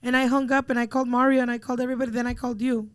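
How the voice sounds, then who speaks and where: Casual storyteller mom, high voice, dry close sound, lively and blunt with curse words. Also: female voice, racing, smooth, no room sound. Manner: animated, swearing freely, slips into Spanish. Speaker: mother telling a family story.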